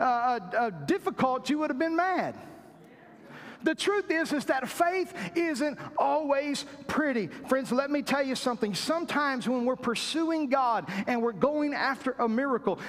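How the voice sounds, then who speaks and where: High-voiced man preaching in a reverberant hall. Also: normal speed, fairly bright tone. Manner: preaching with acted-out quotes and repetition. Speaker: pastor. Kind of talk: sermon.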